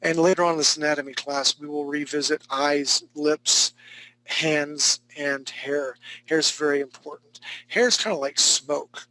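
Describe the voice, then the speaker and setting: A man's voice: a little high, fairly even intonation, measured pace, pushed and bright, dry recording, poor audio. A man teaching a live online drawing class, critiquing student work in a joking, laid-back, chatty way. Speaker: art instructor.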